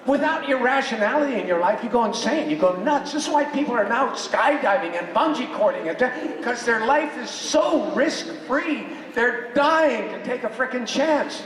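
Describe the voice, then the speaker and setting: A man's voice: very high voice, expressive, normal speed, few pauses. Older man joking at a convention panel. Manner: joking, opinionated storytelling with laughs. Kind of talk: animated convention panel talk. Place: large convention hall. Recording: echoey hall, distant mic, crowd. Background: audience reactions.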